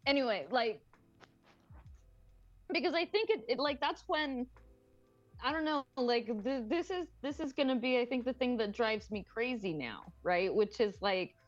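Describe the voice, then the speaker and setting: A woman co-hosting a podcast, rambling through casual chat with swearing and bursts of giggles. Her voice sits a little high. It comes through a dry, slightly dull mic with no room sound. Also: animated, unhurried, no echo, faint music behind. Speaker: podcast co-host.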